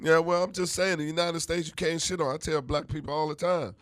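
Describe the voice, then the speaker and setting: A man's voice: fairly high pitch, steady tone, a little fast, no room sound. A middle-aged man, a comedian, riffing in a brash, profane way during a studio podcast chat. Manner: brash, profane, shouting bits. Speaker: comedian guest. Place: radio studio. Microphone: studio mic.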